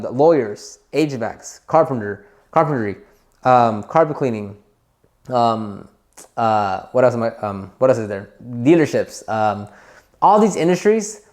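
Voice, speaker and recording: A man hosting a detailing business channel, giving casual advice straight to camera in an animated, emphatic way, repeating himself and using many fillers. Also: mid-range voice.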